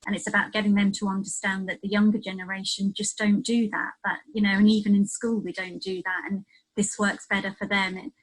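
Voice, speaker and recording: Flat-voiced woman sharing thoughts. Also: mid-range voice, a little fast, low-quality recording. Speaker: church member in a discussion. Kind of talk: casual chat.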